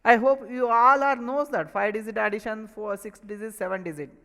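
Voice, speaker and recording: A man's voice: sits high, fairly even intonation, brisk, bright, forceful tone, long reverb tail, poor audio. A man with an Indian English accent teaching a maths lesson, repeatedly asking questions and answering them himself. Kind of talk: online classroom lesson.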